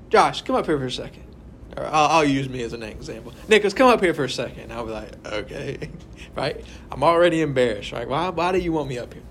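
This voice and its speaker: This Bible study leader has a fairly high voice and keeps things conversational, questioning the group and tagging sentences with "right?" while acting out small scenes. A faint hiss or hum sits in the recording.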